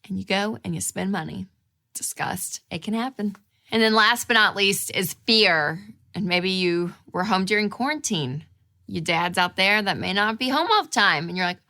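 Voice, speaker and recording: A woman in her thirties hosting a show, talking casually to camera in an animated way, acting out inner voices with big jumps in pitch. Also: a little fast. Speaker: show host.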